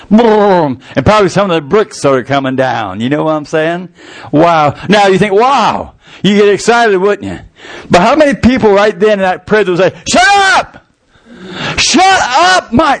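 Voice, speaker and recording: Male preacher, high voice, very lively delivery, storytelling sermon. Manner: animated storytelling, acting out scenes.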